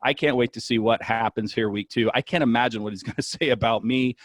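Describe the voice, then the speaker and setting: A man's voice: mid-range voice, steady tone, quick pace, no echo. A man co-hosting a casual sports podcast, wry and self-deprecating. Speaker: podcast co-host.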